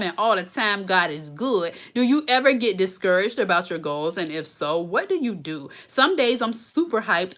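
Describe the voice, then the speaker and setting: Bright-voiced chatty woman streaming live. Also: lowish voice. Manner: chatty, emphatic, talks straight to viewers. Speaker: blogger hosting a live Q&A. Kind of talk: casual live-stream chat.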